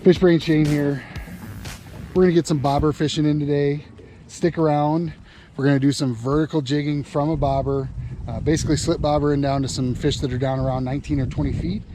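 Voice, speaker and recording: A middle-aged man hosting a fishing vlog from a boat on a lake, chatty and easily excited. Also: quick pace, soft background music. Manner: excitable, gets loud and high when a fish bites. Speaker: fishing channel host. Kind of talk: casual fishing vlog narration.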